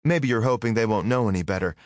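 A man's voice: on the low side, quick pace, no echo, clean studio sound, natural voice. A man voicing a brash young woman fighter in an audiobook, mocking and cutting. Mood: taunting.

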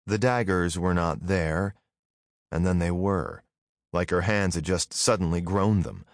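A man narrating a fantasy audiobook in an expressive storytelling manner on a close studio mic. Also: deep voice, measured pace, no echo. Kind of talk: scripted narration.

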